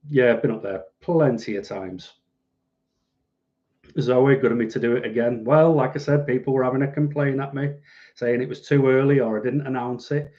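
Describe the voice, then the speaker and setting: A middle-aged man rambles through a casual live stream from home, poking fun at himself as he answers viewers. His voice is dark and mellow, and the webcam audio comes through a bit dull and lo-fi. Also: medium pitch. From United Kingdom. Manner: rambling, self-deprecating, reads out viewer comments.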